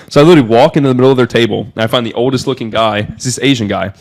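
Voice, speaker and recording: A young man from Miami tells a story on a podcast in loose, casual talk. He is excitable and rambling, and fills every pause with "like". His voice sits at an ordinary middle pitch for a man. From Miami, USA. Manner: excitable and rambling, heavy use of filler "like". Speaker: podcast guest telling a story.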